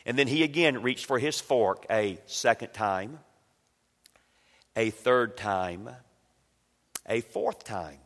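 A male pastor preaching a sermon, swinging from loud emphatic lines to quiet storytelling. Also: mid-range voice, in a large hall.

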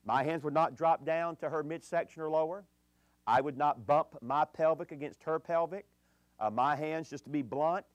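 A middle-aged man preaching to a gathering about marriage and dating, telling stories earnestly and dropping low and quiet in the sad parts. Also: no room sound.

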